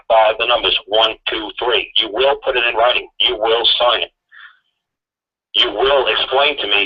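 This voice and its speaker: Husky man hammering rhetorical questions. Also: mid-range voice, dull audio. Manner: insistent rhetorical questioning, profane. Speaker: guest speaker on a call-in show. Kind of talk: emphatic talk radio lecture.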